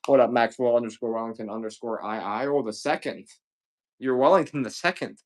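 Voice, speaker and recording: A man selling used games on a livestream, rambling casually with profane jokes and shout-outs to chat. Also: mid-range voice, fairly quick. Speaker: live sale seller.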